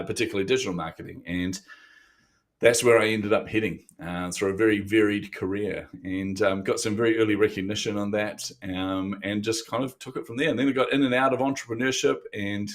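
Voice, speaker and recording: A man, telling his life story candidly as a podcast guest with self-deprecating humor and frequent laughs. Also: lowish voice. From New Zealand. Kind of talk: interview storytelling.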